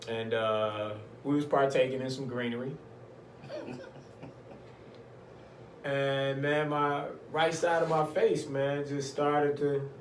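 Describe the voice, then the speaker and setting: Echoey storyteller man, slightly high voice. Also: slow pace, slight background noise. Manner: animated, acts out voices of others in his story. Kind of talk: personal storytelling. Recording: echoey room, mic at a distance.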